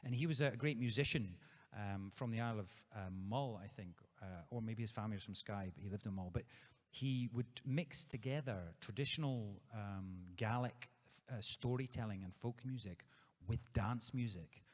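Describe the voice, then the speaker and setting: A man's voice: fairly low pitch, normal speed. A man with a Scottish accent, chatting playfully on stage at a live Q&A, rambling with lots of fillers and restarts. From Scotland. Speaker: guest author at a live book event. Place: theatre stage before an audience. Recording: long hall reverb from a live venue.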